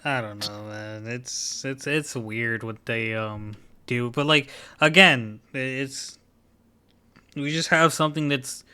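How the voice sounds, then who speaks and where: A man's voice: mid-range voice, slow, sharp tone, smooth. A man co-hosting a podcast, giving a rambling, hedging critique of an anime with lots of fillers. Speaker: podcast co-host. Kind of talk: casual anime discussion.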